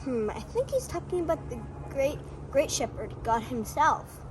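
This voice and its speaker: A woman's voice: high-pitched, big pitch swings, moderate pace, background noise. A woman voicing a thoughtful, wise sheep who earnestly explains things to the flock in an amateur scripture drama. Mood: reflective.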